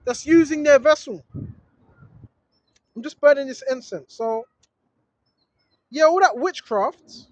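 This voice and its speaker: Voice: high voice, takes it slowly, long pauses, no echo, rough recording. A street preacher filming outdoors, reading scripture and scolding opponents in a fervent, blunt manner full of slang. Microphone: handheld camera filming.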